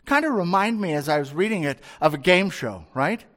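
High-voiced pastor preaching conversationally. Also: male voice, expressive, a little fast, fairly bright tone. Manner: conversational, rhetorical questions. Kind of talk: sermon with scripture reading.

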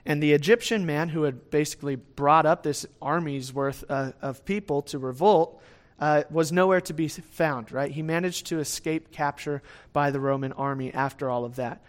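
A man preaching a sermon in a conversational way, often checking in with his listeners. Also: a little high. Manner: lively swings in loudness, speeds up and slows down. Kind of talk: sermon, verse-by-verse teaching.

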